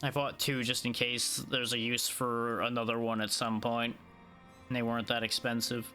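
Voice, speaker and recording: A male streamer, yawning and worn out after hours of play, chats casually through his choices. His voice has a bright, forward edge. Faint music plays behind him. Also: medium pitch, flat delivery, normal speed. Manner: laid-back, sleepy, thinking aloud. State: tired, yawning. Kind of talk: casual gameplay commentary.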